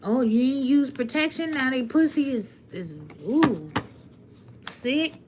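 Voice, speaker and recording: A woman's voice: high voice, lively intonation, takes it slowly, background noise. A woman giving a blunt, preachy tarot reading on a live stream and talking straight to her viewers. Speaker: tarot reader. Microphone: webcam or phone on a live stream.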